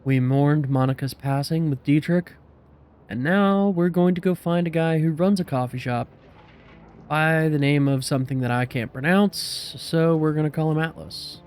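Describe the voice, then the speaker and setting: A man hosting a game playthrough, reading the text aloud with relaxed, self-mocking asides. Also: fairly high pitch, moderate pace, clean tone. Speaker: let's play host. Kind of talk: casual game narration and commentary.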